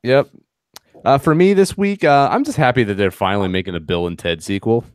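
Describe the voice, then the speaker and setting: A man's voice: mid-range voice, a little fast. A young man co-hosting a podcast, rambling casually with many fillers. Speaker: podcast co-host. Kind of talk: casual chat.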